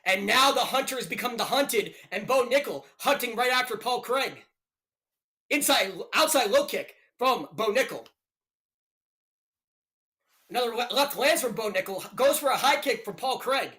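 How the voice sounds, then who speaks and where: This young man's voice is very high-pitched and his speed normal as he riffs excitedly through live fight commentary on a stream, breaking into loud bursts.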